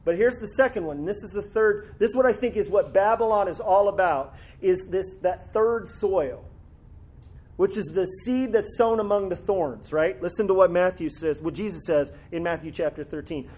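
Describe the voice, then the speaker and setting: A man's voice: high voice, normal speed, darkish tone, husky. A man preaching a sermon, reading scripture aloud and explaining it in a conversational way with frequent tag questions. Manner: expository, reads scripture aloud with rising fervor.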